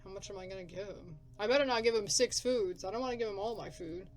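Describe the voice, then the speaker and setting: Woman, gaming creator, casual commentary, chatty and hesitant, mid-pitched voice. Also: fast, hardly any pauses, faint music behind. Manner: chatty, hesitant, thinking aloud.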